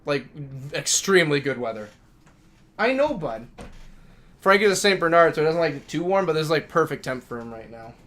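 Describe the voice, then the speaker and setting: A man's voice: a little high, big pitch swings, a little fast, fairly bright tone. A man streaming a game live, chatting casually and talking affectionately to his dogs. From Minnesota.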